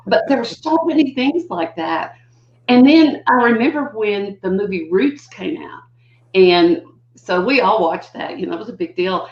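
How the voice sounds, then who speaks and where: An animated older woman, appearing as a guest educator, tells conversational stories at a moderate pace. She acts out quotes with big jumps in pitch, and the audio is dull and lo-fi in a roomy space.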